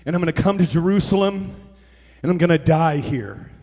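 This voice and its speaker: A man playing Jesus in a sermon, speaking low, quiet and measured. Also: expressive, in a large hall. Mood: solemn. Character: Jesus, calm grown man, firm and gentle.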